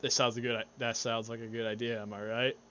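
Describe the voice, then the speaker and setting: A man's voice: mid-range voice, little pitch movement, a little fast, dull audio, a crowd in the background. A young man co-hosting a casual podcast, rambling through ideas with frequent laughter and swearing. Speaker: podcast co-host.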